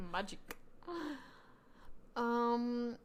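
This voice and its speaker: A woman's voice: a little high, very slow, slight background noise. A woman co-hosting a casual podcast, reading a story aloud while laughing and reacting with mock outrage. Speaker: podcast co-host.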